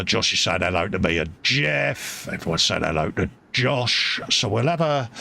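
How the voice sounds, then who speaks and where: A man's voice: sits low, creaky, sharp tone, a little hiss or hum. A man with a Cockney accent hosting a casual live model-building stream, chatty and matey, reading out viewer comments. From England. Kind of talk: casual chat. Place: home hobby workbench.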